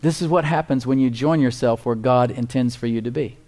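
A man's voice: mid-range voice, brisk, darkish tone. A man preaching a sermon as pastor, emphatic, with call-and-response asides and repeated words for emphasis.

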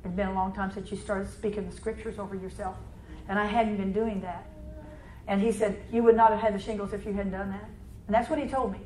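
A woman preaching a charismatic sermon in fast, run-on talk, clearing her throat and restarting often. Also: medium pitch, fairly even intonation, darkish tone, reverberant, a little hiss or hum, rough recording.

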